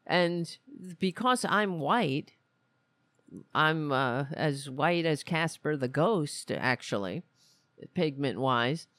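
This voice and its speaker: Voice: medium pitch, animated, takes it slowly, a bit bright, no room sound. A podcast host giving blunt, rambling political commentary, full of restarts. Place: lives in Queens, New York.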